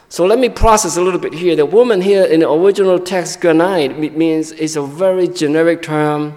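A man preaching a sermon in a church, explaining in a halting way with frequent restarts. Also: fairly high pitch, a little mellow. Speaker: pastor. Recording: long reverb of a large hall.

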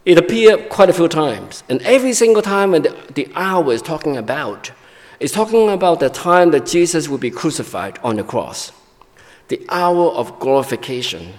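Man, pastor, sermon, halting explanatory delivery, long hall reverb. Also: fairly high pitch, sing-song, a little mellow. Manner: explanatory, halting with frequent restarts.

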